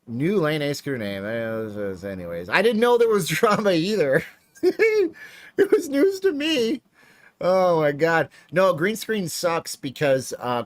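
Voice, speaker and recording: Lively, rambling livestream host man. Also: medium pitch, no room sound. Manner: rambling, jokey, animated. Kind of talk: casual livestream chat while playing slots. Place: home streaming room with lights.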